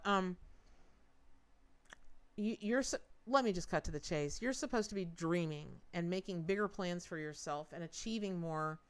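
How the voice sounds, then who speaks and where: With a lowish, clean-toned voice, a woman reads tarot for her live stream audience, talking straight to them in a chatty way and repeating words for emphasis.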